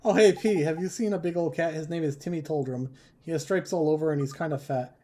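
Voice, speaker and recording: An earnest young boy hero speaks politely and at times hesitantly, read by a man. The voice is slightly high and mellow, over faint background noise. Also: quick pace, close to an everyday voice.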